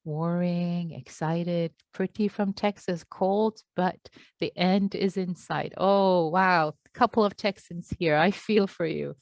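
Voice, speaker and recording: A woman meditation teacher on a video call, reading out attendees' check-ins and responding with warm, affectionate remarks. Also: fairly low pitch, fairly even intonation, takes it slowly, hardly any pauses, no room sound.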